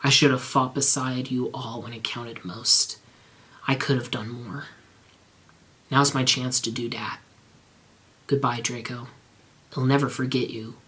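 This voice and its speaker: A man reading fan fiction aloud, voicing a soft-spoken young gothic woman in a quieter, subdued tone. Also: medium pitch, fairly even intonation, unhurried, pauses often.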